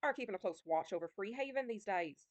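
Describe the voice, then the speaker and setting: A woman's voice: fairly low pitch, expressive, a little fast, no room sound, close to an everyday voice. A woman doing a weary old pirate. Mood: wistful. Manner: pirate slang, loose put-on accent.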